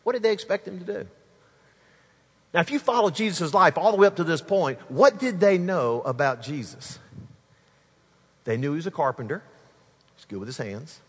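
Male pastor delivering an animated sermon, husky tone, big reverberant hall. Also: fairly high pitch, normal speed, long pauses. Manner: animated preaching, addresses the congregation directly.

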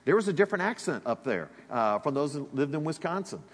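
Preacher, a man with a husky voice, animated and conversational from the pulpit in a big reverberant hall. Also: a little high, fast. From Alabama, US. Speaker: pastor. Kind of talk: sermon. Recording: long reverb of a large hall.

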